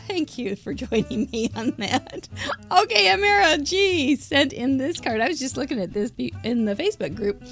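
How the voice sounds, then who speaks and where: A woman's voice: sits high, sing-song, moderate pace, vocal fry, fairly bright tone, soft background music. An older woman hosting a live crafting show, chatting casually and giggling as she thinks aloud. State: out of breath.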